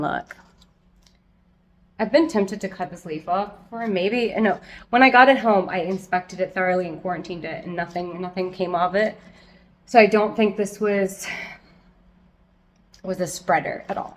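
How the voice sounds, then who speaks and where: A young adult woman casually chatting through a tour of her houseplants at home, rambling and self-deprecating, talking loudly. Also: medium pitch. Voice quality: loud, yelling from audio trouble. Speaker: plant collector vlogger. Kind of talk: casual plant tour chat.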